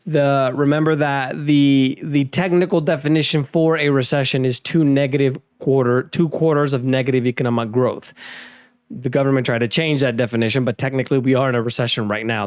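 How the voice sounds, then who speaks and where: A man hosts a casual rundown of market and crypto news, speaking offhandedly with sarcastic asides, fillers and frequent restarts in a conversational manner. His medium-pitched voice is brisk and clean with fairly even intonation, recorded dry at studio quality.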